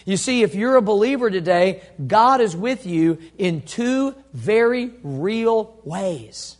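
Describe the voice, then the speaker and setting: A high-pitched man preaching from the pulpit. He calls on the congregation to repeat lines back to him, and he swings from ringing emphasis down to slow, hushed delivery. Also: animated. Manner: call-and-response preaching, dynamic swings from loud to hushed. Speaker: pastor. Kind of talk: sermon.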